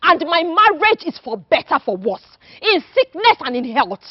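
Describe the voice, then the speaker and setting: A woman's voice: very high-pitched, sing-song, normal speed, no room sound. An actress with a Nigerian accent playing a fiercely loyal wife who scolds and defends her husband. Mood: angry. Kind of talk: film acting. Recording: dull, dry film audio.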